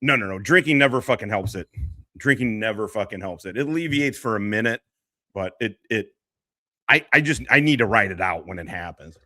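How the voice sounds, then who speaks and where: Male stream host, lowish voice but forceful and bright, swears a lot, rambles, dry close sound. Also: expressive, a little fast, dry recording. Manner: profane, rambling, emotional. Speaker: livestream host and veteran. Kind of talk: casual livestream chat.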